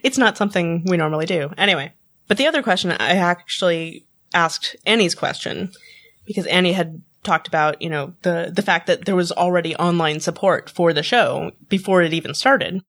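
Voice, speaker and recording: A woman's voice: on the low side, moderate pace, fairly bright tone. A woman chatting casually on a podcast, laughing often and restarting her words. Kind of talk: casual chat.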